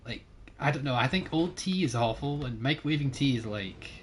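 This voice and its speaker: A young Scottish man chatting casually while streaming a game, jokey and talkative, often trailing off quietly. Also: medium pitch, animated, a little fast, a little hiss or hum. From Scotland. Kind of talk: casual gaming chat.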